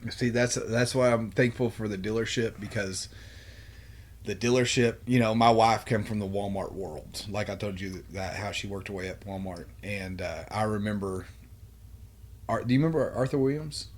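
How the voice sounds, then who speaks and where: A man's voice: fairly low pitch, moderate pace. A man, a podcast guest telling work stories in casual, profane chat and acting out what people said. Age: 40s. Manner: animated, profane storytelling, acts out quotes.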